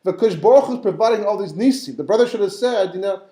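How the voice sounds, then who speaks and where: A rabbi leads a lively Torah class, his fairly high voice lifting whenever he acts out a character in the story. The tone is mellow, and the room gives it a clear echo. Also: rapid-fire.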